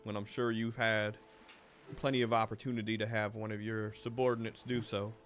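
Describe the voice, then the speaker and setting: A man's voice: fairly low pitch, flat delivery, fairly quick, fairly bright tone, lightly acted. A game master voicing a courteous male town mayor who speaks politely and formally. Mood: gracious.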